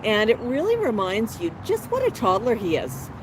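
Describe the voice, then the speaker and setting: A woman's voice: on the high side, wildly swooping pitch, normal speed, noisy background. A woman hosting a casual livestream on an outdoor patio, chatting to her pet bird and her viewers by turns. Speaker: parrot channel host.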